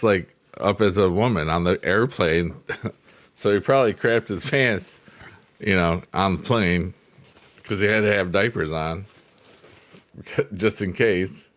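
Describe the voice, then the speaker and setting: A man hosting a casual livestream, joking, laughing often and answering chat by name. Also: fairly low pitch. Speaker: livestream host. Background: faint piano music.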